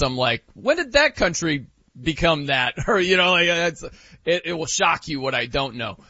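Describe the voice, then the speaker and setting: A man's voice: mid-range voice, bright, forceful tone, no echo, dull audio. A man hosting a sports talk show, joking and emphatic as he gives his opinions.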